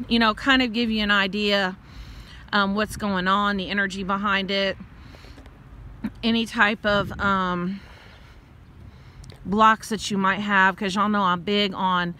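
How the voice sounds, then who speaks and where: A middle-aged woman, talking casually while walking outdoors, out of breath, chatty and quick to laugh. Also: medium pitch, steady tone, pushed and bright, slight background noise. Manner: chatty, laughs often, rambles into rants. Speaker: vlogger and tarot reader.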